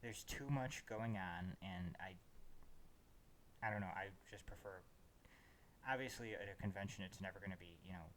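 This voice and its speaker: Easygoing low-voiced man, hesitant. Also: moderate pace, pauses often, fairly bright tone, a little hiss or hum. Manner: easygoing, hesitant, restarts often. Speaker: podcast co-host. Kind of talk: casual chat.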